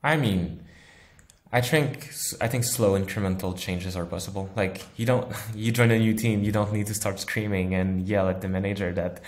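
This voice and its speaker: A man who works as a software engineer answering interview questions in a thoughtful, easygoing way, often laughing. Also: lowish voice, steady tone, normal speed. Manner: thoughtful, laughs easily, uses analogies.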